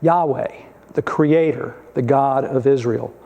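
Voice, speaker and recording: A man's voice: mid-range voice, unhurried, vocal fry, mellow, dull audio. A male pastor preaching a sermon in a conversational, emphatic way, asking many rhetorical questions.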